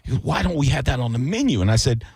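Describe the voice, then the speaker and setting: A man's voice: medium pitch, rapid-fire, creaky, husky, no echo. Dry-miked male radio co-host telling stories. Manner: animated storyteller acting out quotes. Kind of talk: casual radio chat, storytelling.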